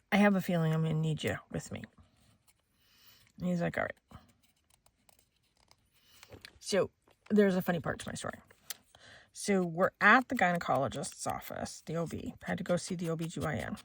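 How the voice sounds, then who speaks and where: Woman, 40s, vlogger; lively pitch, casual storytelling, acts out quotes, laughs often. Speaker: crafting vlogger.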